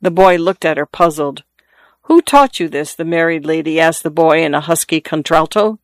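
A man reads a story aloud, lightly shading his voice for each character in the dialogue. His voice sits a little high for a man and sounds smooth and resonant. The recording is dry and close, with no room echo. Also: fairly even intonation, brisk. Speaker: narrator. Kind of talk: scripted narration of a story.

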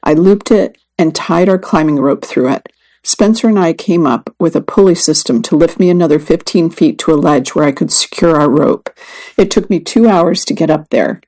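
A woman reading a first-person magazine story and article aloud in an even, measured way. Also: low-pitched, low-quality recording. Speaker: reader. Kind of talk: scripted narration of a magazine story.

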